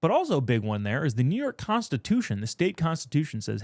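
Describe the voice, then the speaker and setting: A man's voice: a little high, huge pitch swings, quick pace, dry recording, studio quality. A man giving casual commentary on news, rambling and going off on tangents. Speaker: political commentator.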